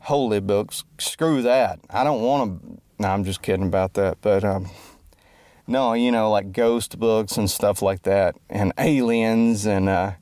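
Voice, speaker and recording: Here the self-described musician and entertainer, an adult from the pre-internet generation, jokes at his own expense and drifts off track again and again. The close mic catches a fairly low, unhurried, slightly mellow voice with no room sound.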